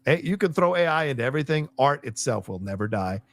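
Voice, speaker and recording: A man's voice: mid-range voice, big pitch swings, fast. A man co-hosting a casual live stream over a remote call, emphatic and opinionated, with a joking edge. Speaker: co-host.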